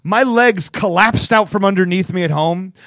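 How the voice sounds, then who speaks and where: A man with a notably high voice talks football on a casual sports show. He gets excited and animated as he tells his stories. The sound is dry and close. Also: normal speed, dry recording. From Detroit Lions fan living in Los Angeles. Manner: excitable, tells stories with loud acted-out outbursts. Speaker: sports talk co-host.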